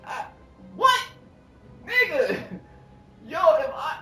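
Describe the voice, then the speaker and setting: A man chatting casually while he games, telling animated stories, swearing freely and laughing often. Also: very high voice, takes it slowly, long pauses, distant mic. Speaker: gaming streamer. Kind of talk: casual rambling chat while gaming. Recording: echoey room, off-mic, with music playing.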